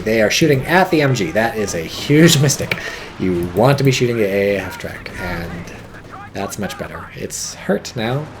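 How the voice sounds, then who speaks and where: A man giving casual, rambling game commentary, joking and swearing and getting excited as things happen. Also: on the low side, noisy background. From not British. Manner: rambling, jokey, swears freely, gets excited.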